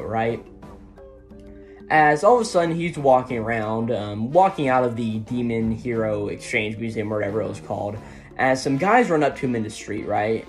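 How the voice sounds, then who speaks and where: A man talks through a manga chapter in a loose, rambling way, dropping "um" and "right?" everywhere. His pitch sits in an ordinary middle range. Faint music plays quietly under his voice. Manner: rambling, heavy on fillers like "um" and "right?". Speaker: manga reviewer. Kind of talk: casual recap of a manga chapter.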